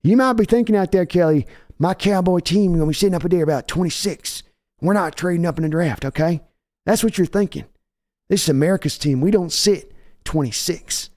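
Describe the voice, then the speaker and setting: Impression: a cocky old football team owner, done by a man, folksy and wheedling, pitched high, with a mellow tone. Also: brisk, close to an everyday voice. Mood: boastful. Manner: folksy, wheedling, repeats himself. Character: brash boastful older male football team owner.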